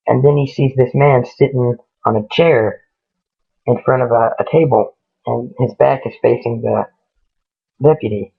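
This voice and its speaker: Gravelly man telling a ghost story. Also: medium pitch, steady tone, measured pace. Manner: rambling, repeats "he goes" and "she goes". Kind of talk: casual spoken ghost story retelling. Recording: tinny phone-like lo-fi audio.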